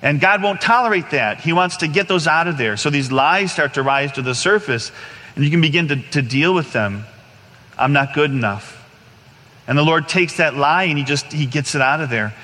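A man preaching a sermon in an earnest, conversational way, often restarting and saying "you know" as he talks. His voice is bright and a little high. It rings out with a long reverb, as in a large church hall. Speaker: priest. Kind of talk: sermon with personal story.

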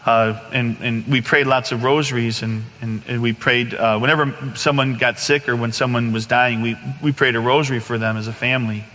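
A man in his forties giving an animated personal testimony to a congregation, acting out scenes as he tells them. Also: mid-range voice, a little fast, hardly any pauses, in a large hall. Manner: animated storyteller, acts out scenes.

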